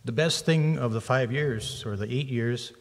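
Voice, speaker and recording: Male church volunteer, mid-pitched, loose and self-correcting speech, big hall echo. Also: normal speed. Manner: rambling, self-correcting, lighthearted. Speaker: church volunteer running the camera and live stream. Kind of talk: speech at a retirement lunch. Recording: long reverb of a hall.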